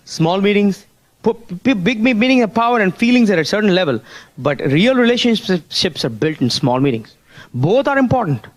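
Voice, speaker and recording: A high-pitched man delivers a motivational business seminar, drawing on a board while he prods the audience with rhetorical questions and calls of "Hello?"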